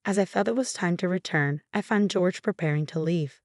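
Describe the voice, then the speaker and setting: A woman narrating a dramatic family story in a scripted, measured reading voice. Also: fairly low pitch, a little mellow, no room sound, studio quality.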